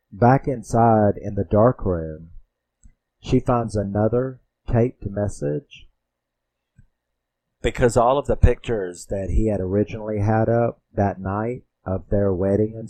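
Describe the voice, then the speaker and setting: A man's voice: on the low side, dark tone. A man casually retelling a movie plot, rambling and swearing, acting out the characters' lines. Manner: rambling, profane, acts out quotes. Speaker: movie reviewer.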